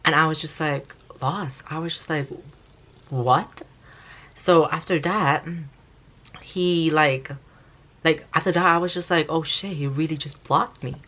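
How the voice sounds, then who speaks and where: A woman's voice: sits low, unhurried, a bit bright. A young woman vlogger telling a story casually, rambling and swearing, with constant "like"s. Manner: rambling, profane, full of "like".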